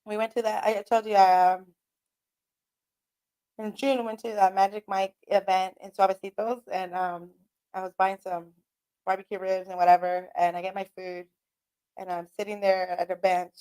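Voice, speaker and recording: Alone in a radio studio, a woman hosts her show with casual, rambling chat, swearing and laughing often. Her voice is mid-range and warm, with little pitch movement, and she talks at normal speed.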